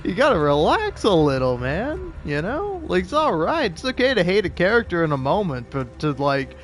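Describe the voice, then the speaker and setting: A man's voice: sits high, wildly swooping pitch, moderate pace. A young man streaming a video game, rambling casually with lots of swearing and filler words. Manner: rambling, profane, laughing asides. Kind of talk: casual gameplay commentary.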